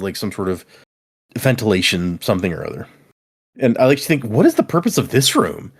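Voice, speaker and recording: Animated man recapping a story. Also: mid-range voice. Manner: animated retelling with quick character asides; casual swearing. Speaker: podcast host recapping a book. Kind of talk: casual chat.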